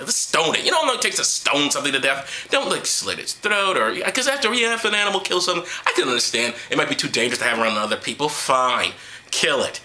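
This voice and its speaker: A man's voice: a little high, bright, forceful tone. A man reading Bible passages aloud and mocking them with profane, sarcastic rants. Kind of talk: sarcastic comedic Bible commentary.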